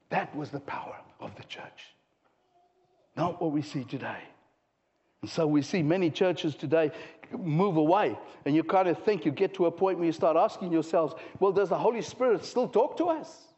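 A man preaching a sermon, swinging between loud exclaiming and hushed, slow intensity. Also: sits high. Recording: muffled sound with long hall reverb.

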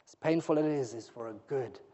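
A man preaching a sermon in a church hall, emphatic and rising to loud pleading peaks. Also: mid-range voice, brisk, dull audio. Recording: reverberant hall.

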